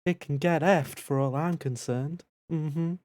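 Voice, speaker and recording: Man doing a prissy southern belle, drawling, genteel, raised pitch, louder. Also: measured pace, dry recording, close to an everyday voice. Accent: American Southern, put on. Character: prim Southern belle lady. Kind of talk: comic impression on a charity stream.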